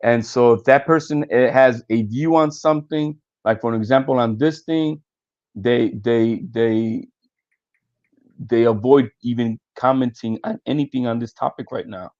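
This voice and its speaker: A man's voice: medium pitch, a little slow, a little mellow, no room sound, muffled recording. A man talking boxing on a casual podcast, stammering and repeating words, with some swearing.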